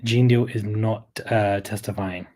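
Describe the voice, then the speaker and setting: A man's voice: fairly low pitch, unhurried. Easygoing man hosting a livestream. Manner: relaxed, murmuring, talks to viewers directly. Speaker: livestream host. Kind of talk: casual livestream chat.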